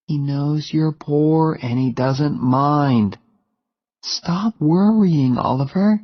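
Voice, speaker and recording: A gentle young woman reassures her nervous fiancé in a soft, coaxing way, as a man reading the story puts her on. The voice is lifted, slow and a little husky. The recording sounds dull and lo-fi. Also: a little high, in a large hall, voice pushed up. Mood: reassuring.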